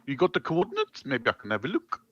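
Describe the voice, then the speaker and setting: A man's voice: mid-range voice, huge pitch swings, quick pace, fairly bright tone, breathy edge, no echo, lo-fi sound. A man in a tabletop role-play, speaking in character as an easygoing, scheming crew chemist. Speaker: player.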